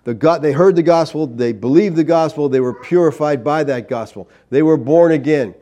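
A man's voice: on the high side, normal speed, mellow, echoey room. Conversational man teaching a Bible study. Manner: plain-spoken, conversational, checks in with "okay?". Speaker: pastor leading a Bible study. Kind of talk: teaching sermon with group discussion.

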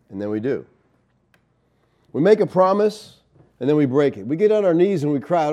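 A man's voice: a little high, big pitch swings, a little fast, long pauses, mellow. A man teaching a Bible study as a sermon, in a conversational way, often checking in with "okay?" and "you know".

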